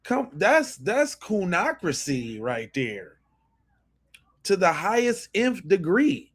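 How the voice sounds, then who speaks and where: A man hosts a podcast, speaking slowly in a high-pitched voice. As he reacts to clips, his commentary turns animated and emphatic, with plenty of profanity.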